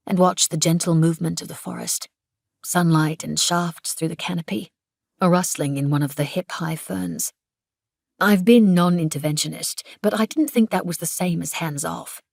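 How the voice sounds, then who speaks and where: A woman's voice: on the low side, creaky, darkish tone, husky, no echo, clean studio sound. A woman narrating an audiobook in the first person, intense and emphatic in the dialogue.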